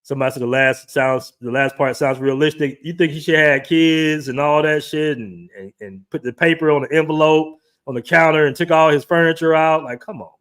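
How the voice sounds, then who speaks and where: Animated man hosting a livestream. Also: fairly high pitch, a little fast, hardly any pauses. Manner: animated, loose, repeats himself and swears. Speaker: livestream host. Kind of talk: casual reaction commentary.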